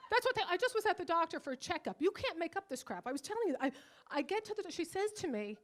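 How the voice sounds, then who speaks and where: Brash high-voiced older woman comic. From Irish. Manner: brash, bawdy, swings loud and quiet, mock voices. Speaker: stand-up comedian. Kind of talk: stand-up comedy set. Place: comedy club stage.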